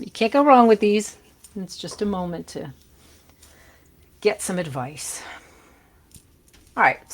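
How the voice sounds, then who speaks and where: A woman giving a casual tarot reading, chatty and reassuring, with loose fillers as she turns the cards. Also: fairly low pitch. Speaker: tarot reader.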